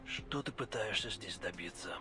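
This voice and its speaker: A gruff old Russian hunter with a suspicious edge, as a game streamer puts him on. His questions come low, quiet and clipped, with a sharp, tense bite to the tone. It's a story voice in a video game reading. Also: lively intonation, normal speed.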